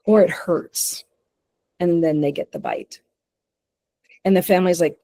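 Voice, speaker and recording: A woman's voice: fairly low pitch, steady tone, moderate pace, dark tone, no echo. A woman with a Texan accent, a dog behavior consultant giving a conversational webinar presentation, often restarting sentences and voicing what dogs think. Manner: conversational, many restarts and acted-out dog thoughts.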